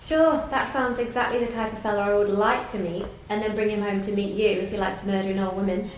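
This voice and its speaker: A woman's voice: medium pitch, fairly even intonation, a little fast, reverberant, slight background noise, close to an everyday voice, low-quality recording. A woman playing a bitter, sarcastic daughter. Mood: scornful. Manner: scornful, sharp-tongued and resentful. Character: bitter, sarcastic middle-aged spinster daughter. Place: theatre studio.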